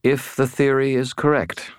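A man voicing a fallen angel woman who speaks in a measured, polite way. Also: mid-range voice, level tone, smooth, no echo, clean studio sound, pitched above the performer's own voice, natural voice.

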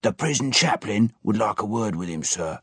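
A man voicing a loud, red-faced, burly male prison guard chief who screeches insults. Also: on the low side, expressive, moderate pace, husky, dry recording, studio quality. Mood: brisk. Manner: screeching, abusive.

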